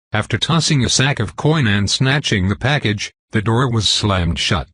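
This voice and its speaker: Husky, low male storyteller, even plain reading, dry close sound. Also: normal speed, hardly any pauses, no echo. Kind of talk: scripted narration.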